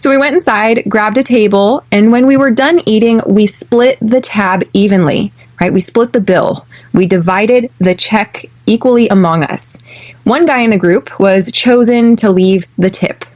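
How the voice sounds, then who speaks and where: A young American woman from California, hosting an English lesson podcast and speaking clearly and deliberately, slowing down for drills. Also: medium pitch, darkish tone. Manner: clear, deliberate, slows for repeat-after-me drills. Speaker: podcast host, English teacher.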